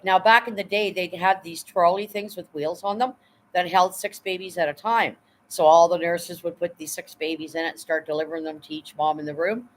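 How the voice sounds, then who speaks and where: A woman's voice: medium pitch, low-quality recording. A woman in her fifties, hosting a casual livestream, telling a story bluntly with frequent swearing and "right?" asides. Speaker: livestream host.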